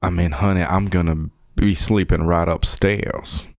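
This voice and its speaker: A man's voice: sits low, a little slow, no room sound, clean studio sound. A man voicing a polite, charming young rogue in a tabletop role-play, in a put-on drawl. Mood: smooth.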